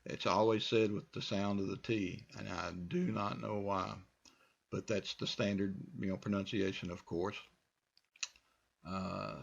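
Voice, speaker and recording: American male English teacher, gravelly voice, casual repetitive drills, dull recording. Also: fairly low pitch. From United States. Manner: relaxed, repetitive drilling with fillers. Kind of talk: pronunciation lesson.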